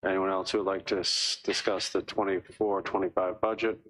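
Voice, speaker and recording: A man's voice: low voice, level tone, a little fast, a bit bright, slight background noise, rough recording. Man chairing a county board hearing. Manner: formal, repetitive procedural calls.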